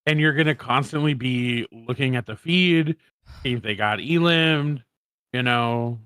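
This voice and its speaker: Man, esports co-caster, reads out placements and points, casual chatter, mid-pitched, dry close sound. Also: a little slow, fairly bright tone, clean tone, no echo. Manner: rattles off standings and stats, casual asides. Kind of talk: esports watch-party commentary.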